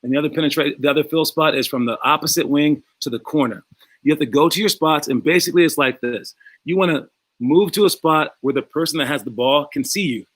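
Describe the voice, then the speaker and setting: A basketball coach talks to his young players in a calm, easygoing way, slipping into the voices of people he quotes. His voice sits a little high for a man. The sound is dry and close, with no room echo. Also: quick pace. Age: adult past college.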